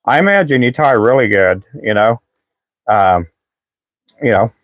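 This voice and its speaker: A man's voice: medium pitch, expressive, a little slow, no room sound. A man hosting a casual live stream, chatting with viewers in a rambling way and often restarting his sentences, and he says he is losing his voice. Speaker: live stream host selling fishing lures.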